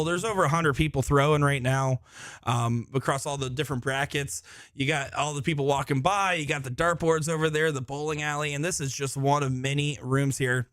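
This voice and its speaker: A man of medium pitch calls a live darts tournament on his own, chatting easily and joking at his own expense. His voice sounds dry and close, with little room around it. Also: a bit bright, dry recording. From Florida. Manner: chatty, joking, self-deprecating. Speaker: darts commentator. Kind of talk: live solo sports commentary and chat. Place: busy tournament room, indoors.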